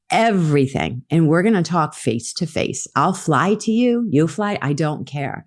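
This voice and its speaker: Low-voiced woman telling a story. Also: measured pace, hardly any pauses. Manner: animated, acts out quoted lines. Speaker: podcast guest. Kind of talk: storytelling in a conversation.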